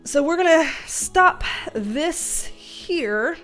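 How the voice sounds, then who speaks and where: A young adult woman giving a livestream tarot reading at home on a webcam, animated and casual, swearing freely. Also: sits high, extremely slow, soft background music. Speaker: tarot reader.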